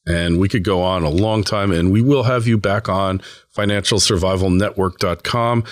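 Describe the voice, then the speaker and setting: A man's voice: sits low, moderate pace, no room sound, studio quality. A man hosting a casual interview, talking in an emphatic, conversational way. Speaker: host.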